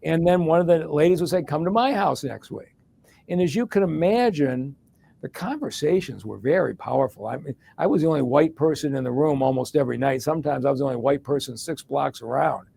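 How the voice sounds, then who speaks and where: Speaking quickly in a fairly high, gravelly voice that's both mellow and husky, a middle-aged Detroit man responds to an interview question with a long, plain-spoken story. He's the guest, a former hospital executive and mayor.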